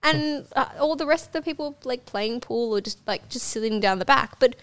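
A woman's voice: high voice, normal speed. A young woman co-hosting a podcast, talking candidly and giggling, with lots of fillers. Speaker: podcast co-host. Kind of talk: casual chat.

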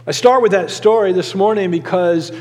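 A man's voice: sits high, normal speed, darkish tone. A middle-aged man, a lead pastor, preaching a sermon in a church and telling a story earnestly, with occasional fillers. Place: church sanctuary. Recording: long hall reverb.

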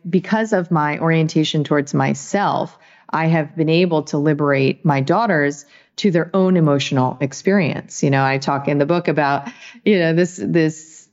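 Speaking in a low, slightly mellow voice, a woman author appears as a guest in a casual interview, reflective and earnest, with frequent "you know" and "right". The highs in the recording are cut off.

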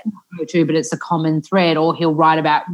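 A woman's voice: deep voice, level tone, brisk, lo-fi sound. A woman in her thirties with an Australian accent, a podcast guest telling stories in casual chat, acting out what others said and using lots of "like". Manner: chatty storyteller, acts out quotes, many "like" fillers.

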